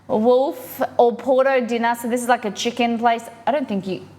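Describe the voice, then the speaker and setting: A woman's voice: a little high, steady tone, normal speed, darkish tone. A woman, chatting upbeat to her viewers while she cooks in her home kitchen. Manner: chatty, upbeat, reacts to chat while cooking. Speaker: cooking streamer. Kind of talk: live cooking stream chat.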